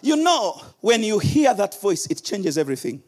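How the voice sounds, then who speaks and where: Give me a middle-aged male pastor with a very high voice, preaching with big swings from shouting to hushed. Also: big pitch swings, fairly quick, long reverb tail. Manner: impassioned preaching, swinging from shouts to quiet low asides. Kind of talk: sermon.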